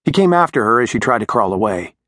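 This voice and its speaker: A man narrating a dramatic novel in a measured, scripted reading as an audiobook narrator. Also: mid-range voice, sing-song, a bit bright, no echo, clean studio sound.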